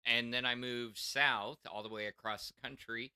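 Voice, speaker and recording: A man from Wisconsin with a mixed Wisconsin and Texas accent, hosting a livestream in casual chat, reading out donations in a halting way with restarts. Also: medium pitch, steady tone, sharp tone, smooth, no echo, studio quality. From Wisconsin, US Midwest. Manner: slow, halting, hesitant with many restarts. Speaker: stream host reading donations.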